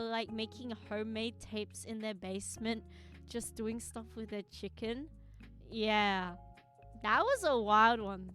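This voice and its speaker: Bright, giggly streamer woman. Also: a little high. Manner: rambling, giggly, full of fillers. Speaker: live streamer. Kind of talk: casual chat with viewers.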